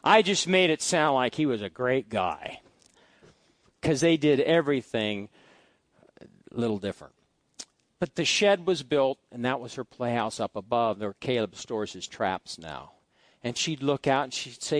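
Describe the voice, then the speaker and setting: A man's voice: medium pitch, animated, measured pace, no echo. Folksy male preacher telling stories. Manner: folksy, anecdotal, swings between loud asides and quiet musing. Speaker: pastor. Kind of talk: storytelling sermon. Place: church sanctuary.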